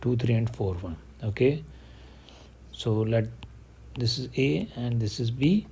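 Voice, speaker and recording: Male math teacher, mellow voice. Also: medium pitch, a little slow, a little hiss or hum. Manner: steady step-by-step explaining, working problems aloud. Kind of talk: online math lesson, mixing English and Hindi.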